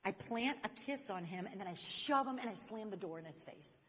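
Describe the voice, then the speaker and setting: At a church youth convention, an older woman gives a personal testimony to young people, telling her story animatedly and acting out the people in it. Her mid-range voice is expressive and moves at a moderate pace. Long reverb from the large convention hall hangs on the recording.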